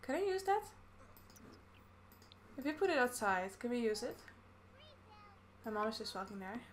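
A woman from the Netherlands chats casually as she plays a life-sim game, narrating each thing she does like a gaming YouTuber in a Let's Play. Her voice is on the high side and sing-song, at a normal speed, with slight background noise.

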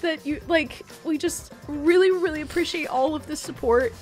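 A woman's voice: sits high, normal speed, faint music behind. A woman co-hosting a game playthrough, rambling and gushing in casual chat with the odd swear word. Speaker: co-host of a gaming channel. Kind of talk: casual let's play chat.

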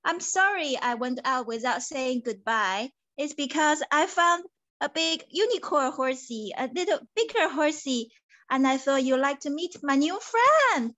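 A woman's voice: sits high, expressive, measured pace, a bit bright. Woman voicing a sweet little horse. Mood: cheerful. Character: polite cheerful little horse.

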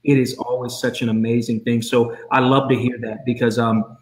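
A man's voice: mid-range voice, flat delivery, normal speed. A middle-aged man hosting a podcast interview, enthusiastic and encouraging, often repeating words as he starts a thought. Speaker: podcast host. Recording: roomy echoey room.

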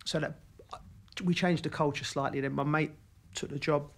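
A man's voice: fairly high pitch, moderate pace, gravelly. A man with a London accent, a former footballer co-hosting a podcast, telling stories in casual chat and acting out the voices of the people he quotes. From England. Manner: animated, acts out quoted voices.

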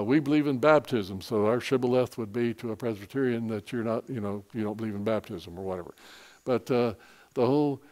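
A man's voice: medium pitch, a little mellow. A man preaching a Bible sermon in a folksy, rambling way full of personal asides.

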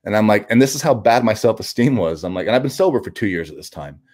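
Lowish-voiced man, halting and raw. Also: expressive, darkish tone. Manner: halting, with frequent restarts and repeated words; blunt and profane. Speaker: guest. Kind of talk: personal storytelling in an interview.

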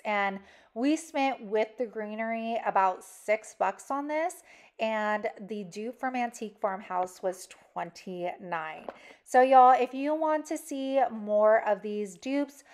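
A young woman in a relaxed, unhurried DIY craft voice-over, talking to her viewers like friends. Her voice sits at an ordinary middle pitch and she takes her time over every step. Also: clear, resonant tone. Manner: chatty, addresses viewers directly. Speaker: DIY craft channel host. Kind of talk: casual craft tutorial voice-over.

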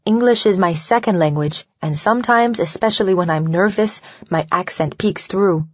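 A woman's voice: lowish voice, normal speed, dry recording, muffled recording, close to an everyday voice. A woman narrator voicing a polite, nervous young woman who speaks carefully.

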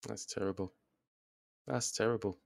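A deep, gravelly man talks through a chess game as he plays, muttering each move to himself. His self-deprecating asides come through a close, dry microphone with no room sound. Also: fairly even intonation, normal speed, a little mellow, dry recording. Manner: thinks aloud, muttering move by move; self-deprecating, groans at his own blunders. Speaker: chess video creator. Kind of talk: casual live chess commentary.

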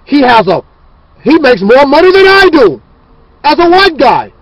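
A man's voice: very high-pitched, big pitch swings, unhurried, fairly bright tone, no echo, highs cut off, full character voice. A man putting on a smug adult man who lectures down to others in a mocking tone. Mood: sneering. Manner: mocking, sneering.

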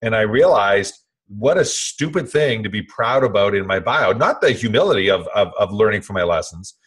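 Husky, enthusiastic male podcast co-host. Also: on the low side, expressive, moderate pace. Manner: enthusiastic, rambling, laughs often. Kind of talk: casual podcast conversation.

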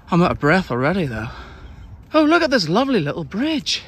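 Man, travel vlogger, slightly high voice, walking tour commentary, noisy outdoors. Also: wildly swooping pitch, fairly quick, fairly bright tone. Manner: chatty, pointing things out as he walks. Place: outdoors, on a beach and vineyard paths. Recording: outdoor noise behind the voice.

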